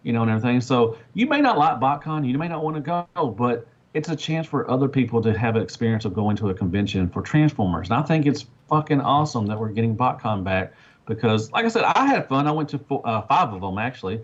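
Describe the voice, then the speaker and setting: A man's voice: mid-range voice, sing-song, quick pace. A man co-hosting a casual podcast, chatty and enthusiastic, laughing often. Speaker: podcast co-host. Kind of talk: casual chat. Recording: dull lo-fi audio.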